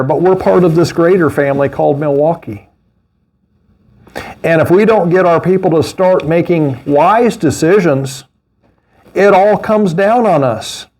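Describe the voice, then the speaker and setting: A middle-aged man preaching a sermon as pastor, animated, with mocking asides and laughter. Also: a little high.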